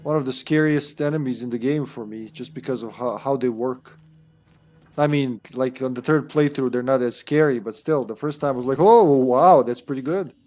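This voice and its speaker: A young man chatting casually as he streams a game, rambling through critical asides and mild swearing. His voice sits at an everyday middle pitch. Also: fairly even intonation, brisk, darkish tone, soft background music. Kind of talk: casual gameplay commentary.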